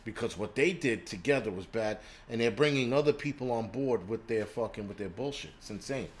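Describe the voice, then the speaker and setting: A man's voice: medium pitch, a little fast. Heated, profane male livestream ranter. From United States. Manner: heated, profane, stammering restarts. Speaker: livestream host.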